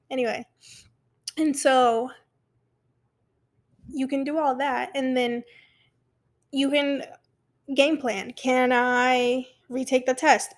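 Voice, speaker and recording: A young woman telling a personal story and giving advice in a chatty, animated way, often restarting her sentences. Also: high-pitched, slow pace, long pauses. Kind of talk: casual personal advice talk.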